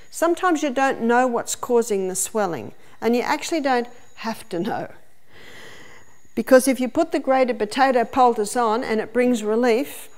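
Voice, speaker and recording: Higher-voiced woman teaching home remedies. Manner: story-telling, explaining step by step. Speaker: health educator. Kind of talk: teaching seminar with demonstration.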